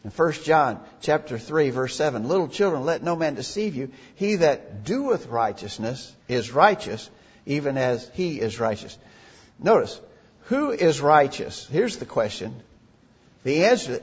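Preacher, male, slightly high and husky, earnest and emphatic, dull lo-fi recording. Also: sing-song, normal speed. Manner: earnest, emphatic, reads scripture aloud. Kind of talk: sermon. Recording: dull lo-fi recording in a reverberant hall.

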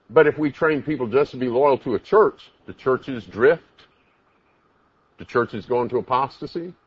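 A man's voice: medium pitch, slightly rough, dry recording, highs cut off. A man preaching a sermon, emphatic, asking the congregation many rhetorical questions.

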